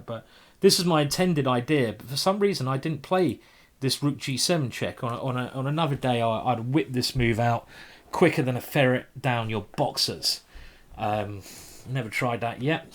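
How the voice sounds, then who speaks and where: A man with a British accent giving casual, joking commentary on his own chess games during a live stream, thinking aloud and often repeating himself. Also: mid-range voice.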